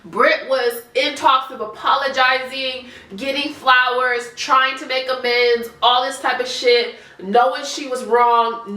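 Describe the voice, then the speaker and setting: Woman vlogger, stuffy-nosed, animated and profane, bright voice with roomy echo. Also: sits high. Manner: animated, sassy, blunt with profanity. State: congested, stuffy nose. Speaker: commentary vlogger. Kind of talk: casual reality TV commentary.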